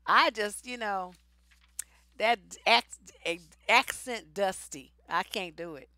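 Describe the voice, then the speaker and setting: On a dry recording, a woman hosting a live relationship advice stream fields viewer questions with sass, slang and plenty of profanity. Her mid-range voice is bright, expressive and forceful, and she takes her time.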